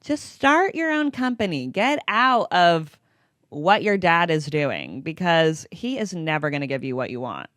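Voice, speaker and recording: A woman hosting a podcast, recapping a TV episode in casual chat as an excited fan who laughs and exclaims often. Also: lowish voice, measured pace, no echo, clean studio sound. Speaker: podcast host.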